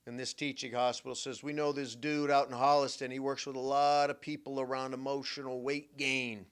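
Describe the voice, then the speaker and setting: Emphatic older New talk host. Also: male voice, medium pitch, level tone, fairly quick, clean tone. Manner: emphatic storytelling, swings from hushed to loud. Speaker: show host and therapist. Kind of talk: radio-style talk monologue.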